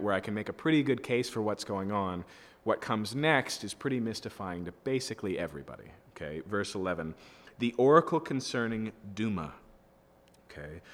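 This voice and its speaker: Male pastor, lowish voice, hall reverb; reads scripture and explains it plainly, keeps asking "okay?". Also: fairly bright tone. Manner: conversational, often checks in with "okay?" and "right?". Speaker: pastor teaching a Bible study. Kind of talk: expository sermon with scripture reading.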